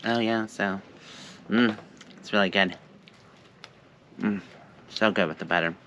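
Bright-voiced chatty male vlogger. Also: on the low side, a little slow, dull audio, slight background noise. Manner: chatty, cheerful, coos at pets. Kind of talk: casual gardening vlog. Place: outdoors at an RV camp.

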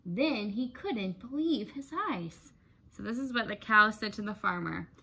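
A teacher reading picture books aloud to children, animated and sing-song, chanting the sound words with them. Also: female voice, medium pitch, unhurried, vocal fry, slightly rough.

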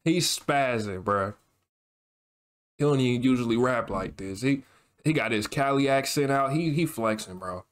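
A man with a mid-range voice hosting a music reaction. He talks casually and excitedly in loose slang. He often repeats his phrases. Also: medium pitch, moderate pace, pauses often.

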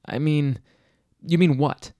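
A man's voice: a little high, fairly even intonation, slow, warm tone, dry recording. A man reading the lines of a bookish, know-it-all schoolgirl witch from a draft passage, barely changing his voice.

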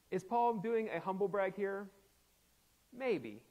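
A man's voice: high voice, lively intonation, drawn-out words, highs cut off. A man preaching a sermon as pastor, laughing often and acting out quoted voices playfully. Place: church sanctuary.

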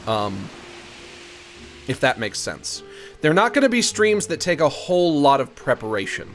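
A man's voice: a little high, very animated, unhurried, faint music behind. Playful rambling male streamer. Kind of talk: casual live-stream chat.

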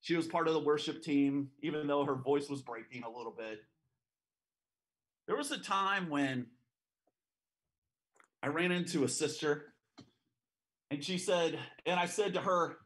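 Male preacher at a church service, high and bright-toned, animated storyteller with joking asides. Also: a little slow, long pauses. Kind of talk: sermon with storytelling.

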